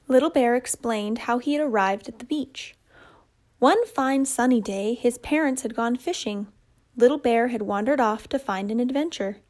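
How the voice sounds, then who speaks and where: A woman telling a children's puppet story in a gentle, measured way. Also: fairly high pitch.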